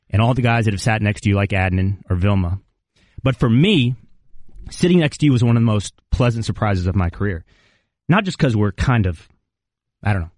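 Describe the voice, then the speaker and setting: A man's voice: on the low side, a little mellow, no room sound, clean studio sound. A man co-hosting a radio show, heartfelt and jokey, and he laughs often. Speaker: radio co-host. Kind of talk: casual radio talk. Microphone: studio microphone.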